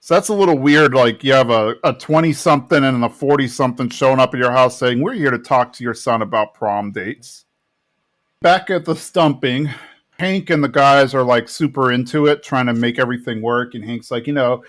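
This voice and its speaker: A man's voice: medium pitch, moderate pace. Man casually recapping an episode. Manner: relaxed, retelling scenes with quoted lines. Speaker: podcast co-host.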